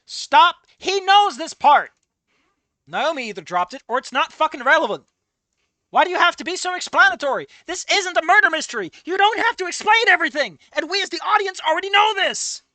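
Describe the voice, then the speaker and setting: A woman casually reacting to a fanfic, exasperated and swearing freely, yelling at the characters, laughing often and trailing off into low mutters. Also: animated, fast, no room sound. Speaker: fanfic reader and commentator.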